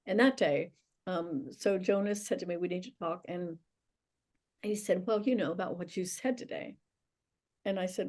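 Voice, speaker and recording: An older woman, a guest, earnestly telling a personal faith story with soft, tearful pauses. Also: on the low side. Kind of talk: emotional personal testimony.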